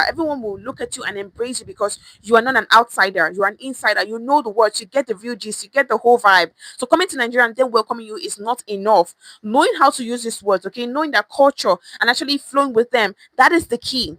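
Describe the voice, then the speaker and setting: Bright-voiced woman coaching on a live stream. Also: fairly high pitch, dry recording, low-quality recording. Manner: repetitive, emphatic, frequent "okay?" check-ins. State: out of breath. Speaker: pidgin language coach.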